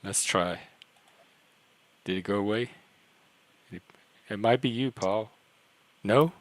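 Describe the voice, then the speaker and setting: Give me an easygoing man with a mid-pitched, dry voice. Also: slow, no echo. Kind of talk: casual online panel chat.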